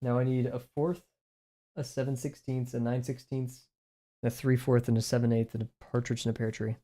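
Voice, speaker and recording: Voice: medium pitch, little pitch movement, fairly quick, warm tone. A young adult livestreamer chatting casually while drawing, rambling and self-deprecating, muttering asides to themself. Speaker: livestreaming artist.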